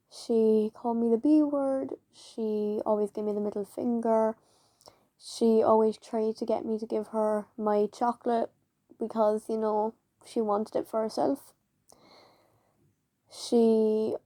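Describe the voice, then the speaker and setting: A woman's voice: a little high, warm tone. A woman casually telling a personal story to camera, chatty and fond of saying "like" as she recounts what others said. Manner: chatty, leans on "like" and acts out quoted dialogue. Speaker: vlogger.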